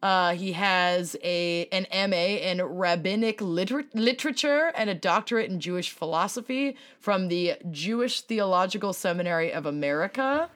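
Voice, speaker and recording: A woman's voice: lowish voice, moderate pace, hardly any pauses. A woman co-hosting a casual true-crime podcast, reading from her notes and laughing as she tells the story. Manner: animated storyteller, laughs while reading quotes. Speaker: podcast co-host.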